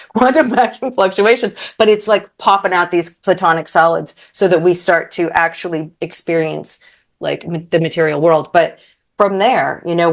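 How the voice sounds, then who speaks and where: A woman in her thirties, a podcast guest, telling a story in casual chat and acting out quotes, with many fillers. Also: fairly low pitch.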